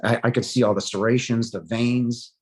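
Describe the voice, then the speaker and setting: A middle-aged man telling the story of his near-death experience in a halting, emotional way, with many pauses and fillers. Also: mid-range voice, steady tone, a little mellow.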